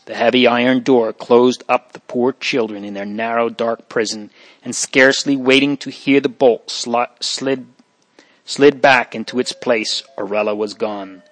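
A man narrating a story in a steady, plain reading style. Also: medium pitch, moderate pace, dry recording, poor audio.

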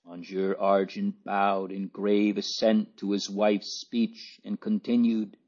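A man reading a novel aloud as an audiobook narrator, in a measured, even storytelling manner. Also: fairly low pitch. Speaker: audiobook reader. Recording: dull lo-fi recording.

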